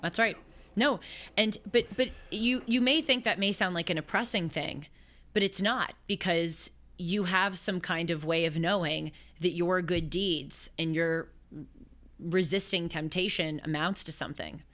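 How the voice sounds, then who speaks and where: Earnest young woman, slightly low voice. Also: measured pace, fairly bright tone. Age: 20s. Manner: earnest, thoughtful, restarts phrases mid-thought. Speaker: show host. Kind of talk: talk show commentary on scripture.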